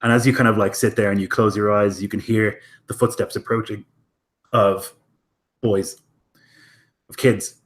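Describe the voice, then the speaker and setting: A man runs a tabletop role-playing game with a slightly low voice. He narrates casually, with many ums and likes and the odd swear word. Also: steady tone, normal speed, long pauses. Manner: casual, many fillers, profane. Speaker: game master.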